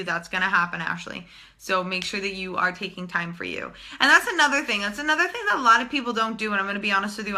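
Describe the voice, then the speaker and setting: A woman's voice: mid-range voice, bright, forceful tone. A young woman talking casually and bluntly to viewers in a live stream, swearing freely as a spiritual channeler.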